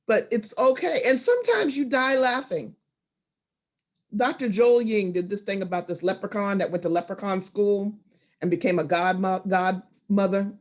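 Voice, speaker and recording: A woman presenting an online storytelling workshop over a video call, expressive and animated, moving from hushed asides to loud emphasis. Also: medium pitch, moderate pace.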